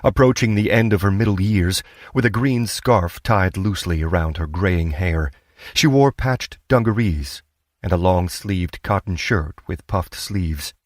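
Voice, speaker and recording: A man reading an audiobook as narrator, steady and measured. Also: low-pitched, dry recording, studio quality. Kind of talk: scripted narration.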